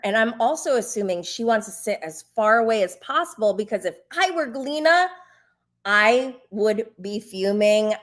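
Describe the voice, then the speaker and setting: A woman casually recapping a reality TV episode, chatty and sarcastic, often laughing, swearing freely and mocking people in a squeaky quoted voice. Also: fairly bright tone. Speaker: host.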